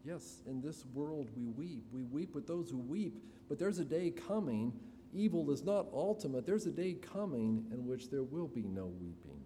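A man preaching an expository sermon to his congregation, slow and deliberate with dramatic pauses. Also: mid-range voice, lively intonation, warm tone. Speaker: pastor. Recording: reverberant hall, faint room noise.

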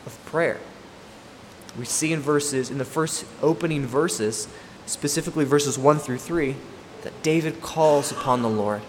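Emphatic male preacher in echoing hall. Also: medium pitch. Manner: emphatic, repeats key points. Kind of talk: expository sermon. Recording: long hall reverb, faint room noise.

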